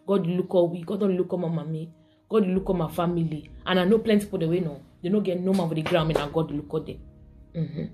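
A woman's voice: on the low side, quick pace, warm tone, soft background music. A woman from Cameroon with a Cameroonian Pidgin English accent, hosting a casual vlog and chatting to her viewers, laughing often and switching between pidgin and English. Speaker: vlog host.

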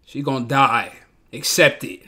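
A man's voice: medium pitch, measured pace, bright, forceful tone, breathy edge. A man hosting a show reaction, talking bluntly in profane slang and repeating himself in heated outbursts. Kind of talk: casual reaction commentary.

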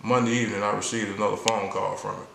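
A man's voice: fairly low pitch, level tone, fast talker, creaky, fairly bright tone, roomy sound, a little hiss or hum, poor audio. A man earnestly telling a personal story in a casual, conversational way, acting out the people he quotes. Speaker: vlogger sharing a personal story.

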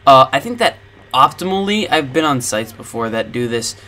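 A man's voice: mid-range voice, animated, normal speed, bright, forceful tone. Rambling man hosting a gaming vlog. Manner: rambling, lots of filler words. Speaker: gaming channel host. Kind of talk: casual commentary over gameplay.

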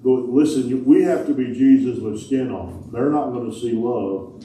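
A man's voice: medium pitch, moderate pace, dark tone, a little hiss or hum. A man preaching a sermon as pastor, folksy and emphatic, asking the congregation rhetorical questions. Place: large church hall. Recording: echoey hall heard from a distance.

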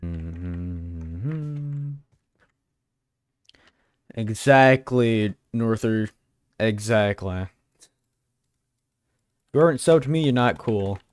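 A man's voice: on the low side, slow pace, long pauses, a little mellow, clear, resonant tone, dry recording, clean studio sound. A young man live-streaming a game, chatting casually and teasing his viewers in a joking way. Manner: joking, teasing chat banter.

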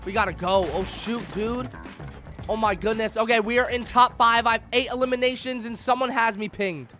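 A young man giving excited, slangy commentary while playing a video game, taunting opponents as he goes. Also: extremely high pitch, moderate pace, soft background music. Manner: hyped, slangy, talks to opponents. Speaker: gaming YouTuber.

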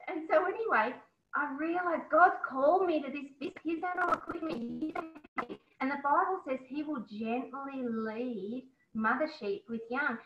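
A woman being interviewed, talking in an animated, emotional way and often breaking into exclamations. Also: sits high, unhurried. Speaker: interview guest, business owner. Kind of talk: casual interview chat. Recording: echoey, slightly dull recording.

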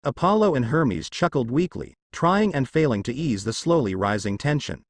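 A man narrates a fan fiction tale with a pitch that rises and falls freely across each sentence. His voice sits close and dry, with no room around it. He keeps an animated storytelling lilt throughout. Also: normal speed, no room sound. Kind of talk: reading fan fiction aloud.

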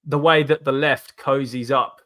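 English host from the southeast. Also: male voice, medium pitch, steady tone, measured pace, pushed and bright. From southeast England. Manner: rambling questions with many fillers. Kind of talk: casual interview chat.

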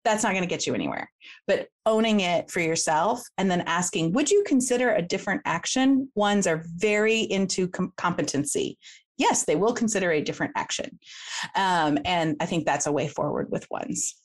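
A woman's voice: on the low side, expressive. Chatty woman coach, laughing easily. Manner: chatty, laughs often, acts out quick quoted examples. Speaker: guest, conflict coach. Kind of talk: casual explanatory interview talk.

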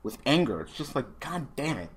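A man's voice: medium pitch, big pitch swings, normal speed, slightly rough. A man hosting a gaming channel, giving casual commentary on an online card duel, swearing constantly and swinging between muttering and ranting.

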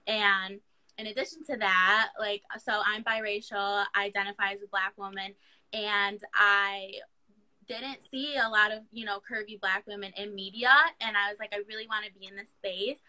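A young woman from Michigan speaks as an interview guest with a very bright, crisp-edged voice. She talks in an upbeat, chatty way, full of "like" and "you know". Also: mid-range voice, little pitch movement, normal speed, poor audio. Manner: upbeat, chatty with likes and laughs. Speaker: guest blogger. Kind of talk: casual interview.

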